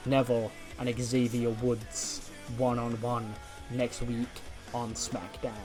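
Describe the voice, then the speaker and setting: A man casually recapping storylines from a wrestling management game. He tells it chattily with frequent fillers and gives animated play-by-play of the matches. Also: mid-range voice, slow pace, over music.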